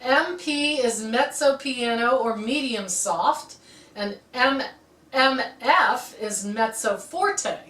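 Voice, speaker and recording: A woman's voice: on the high side, takes it slowly, a bit bright, far from the mic. A woman teaching a harp lesson, explaining music terms patiently and often checking in with "okay". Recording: roomy, from off-mic.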